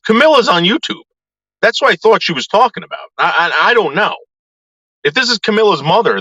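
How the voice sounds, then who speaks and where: Ranting, profane man with a lively voice. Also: high-pitched, brisk, breathy edge, no room sound, low-quality recording. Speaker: YouTuber. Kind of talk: ranting vlog to viewers.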